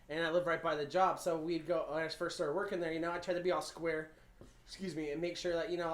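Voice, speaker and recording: Casual male podcast host, laid-back and loose, recorded in an echoey room. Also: fairly high pitch. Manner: laid-back, swears, laughs often. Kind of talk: casual chat.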